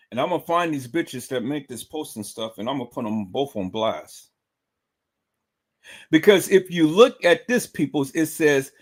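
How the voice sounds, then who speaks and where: A man hosting a livestream, talking emphatically and repeating himself as he calls out to his viewers, with plenty of profanity. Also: fairly high pitch. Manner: emphatic, repetitive, profane, keeps calling out to viewers. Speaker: livestream host. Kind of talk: livestream commentary.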